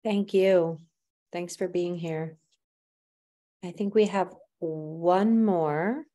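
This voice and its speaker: A woman's voice: lowish voice, fairly even intonation, drawn-out words, mellow. A woman chairing a public meeting, thanking speakers and calling the next one with brief, polite remarks.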